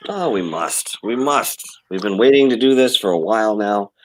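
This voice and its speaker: A man's voice: on the low side, animated, normal speed, no room sound. A man appearing as a guest on a live show, friendly and easygoing.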